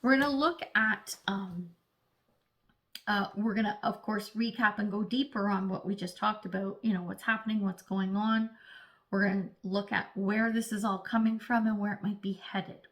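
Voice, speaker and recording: A woman's voice: mid-range voice, fairly even intonation, normal speed, fairly bright tone. A woman giving a casual, chatty tarot reading, playfully acting out little voices as she talks. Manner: speaks of herself as an earth sign. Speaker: tarot reader.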